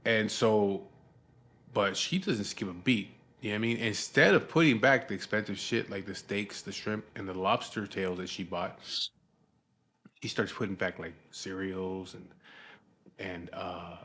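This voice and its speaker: A middle-aged man talks straight to camera in an unhurried, rambling way. His voice sits very low. He swears casually and keeps checking in with his listener. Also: a bit bright. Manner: profane, rambling, frequent "you know what I mean". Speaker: vlogger.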